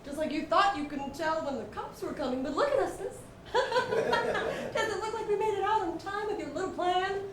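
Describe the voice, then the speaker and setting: A woman's voice: very high voice, expressive, moderate pace. A woman improvising a catty, mocking sister stuck in jail, on a comedy club stage. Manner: mocking, laughing through lines. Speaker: improv performer. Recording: roomy club sound, noisy.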